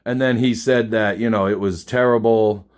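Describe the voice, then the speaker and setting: A man's voice: lowish voice, fairly even intonation, normal speed. A man in a casual spoken rant, emphatic and profane, dismissive and often restarting his sentences. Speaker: concertgoer recounting a show.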